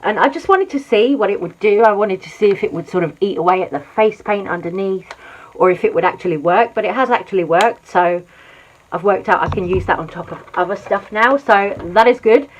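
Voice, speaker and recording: A woman's voice: medium pitch, fairly quick, highs cut off, a little hiss or hum. A woman vlogger chatting casually about drama while doing her makeup, exclaiming and repeating words for emphasis. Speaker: commentary vlogger.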